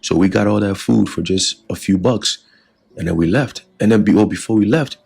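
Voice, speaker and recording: A man's voice: lowish voice, normal speed, vocal fry, a little mellow, slightly rough. A man giving an informal religious lesson in a loose, conversational way, filling his talk with "you know" and "all right". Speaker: religious teacher.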